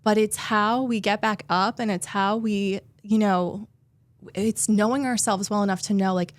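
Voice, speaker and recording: A woman's voice: medium pitch, steady tone, unhurried, dry recording. A young adult woman, a therapist and guest, telling a personal story in a heartfelt way, sometimes tearful and full of "like" fillers. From New Jersey.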